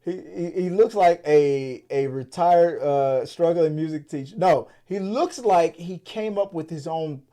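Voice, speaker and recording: A man hosting a casual movie podcast, talking in a rambling, profane and animated way. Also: fairly high pitch, measured pace, hardly any pauses. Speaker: podcast host. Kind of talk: casual chat.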